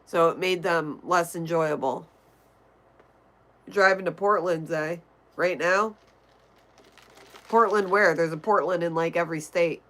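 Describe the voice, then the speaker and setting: Nasal, low-voiced woman streamer. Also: unhurried, long pauses, fairly bright tone. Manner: chatty, reads and answers viewer messages aloud. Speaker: livestream host. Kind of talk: casual livestream chat, reading chat.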